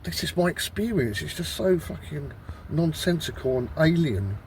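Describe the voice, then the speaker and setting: A man's voice: a little high, animated, moderate pace, darkish tone, a little hiss or hum. A man vlogging outdoors in a wood, rambling in an exasperated way, swearing a lot and restarting his sentences. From Britain. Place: woodland outdoors.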